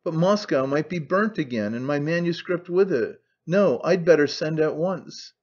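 Man playing a fussy vain older writer, squeaky with a gentle lisp, raised pitch, dull lo-fi audiobook sound. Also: animated, normal speed. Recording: dull lo-fi recording.

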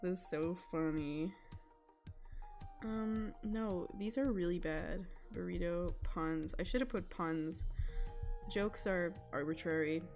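A woman's voice: on the low side, takes it slowly, darkish tone, soft background music. A young woman chatting casually with her chat while she draws, giggling often and rambling about food. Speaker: illustrator streaming live drawing.

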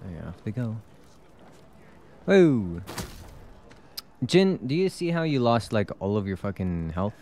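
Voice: medium pitch, very animated, slow, long pauses, warm tone, a little hiss or hum. A young adult streamer giving live gameplay commentary, talking to themselves, swearing freely and laughing often.

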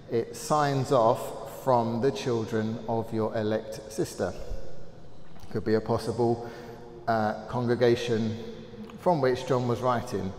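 A man's voice: medium pitch, fairly even intonation, slow, darkish tone, a little hiss or hum. Man teaching a Bible study in a hall. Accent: English. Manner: earnest, reads scripture aloud with many "um"s. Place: church hall. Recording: roomy hall echo with faint ambience.

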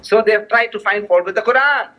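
A man with a notably high voice delivers a religious lecture in a mosque hall. He tells a story by acting out both sides of the dialogue, repeating his phrases and pressing rhetorical questions on his listeners. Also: fast talker, dull audio, slight background noise. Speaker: Islamic lecturer.

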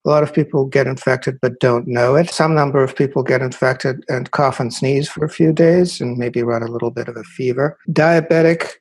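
Male guest writer, Russian-born, husky, analytical, dry irony. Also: mid-range voice, steady tone, normal speed, few pauses, darkish tone. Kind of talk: interview answers.

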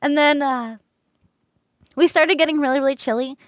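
A young woman streamer telling a story in a casual chat, animated and breaking into laughter. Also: high voice, moderate pace, no room sound, studio quality.

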